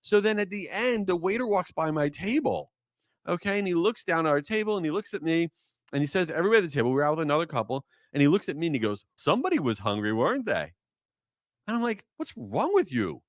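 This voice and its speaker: Male solo podcaster, big swings in pitch, worked-up rants, close dry mic. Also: fast, no echo. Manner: animated, exasperated storytelling. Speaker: podcast host.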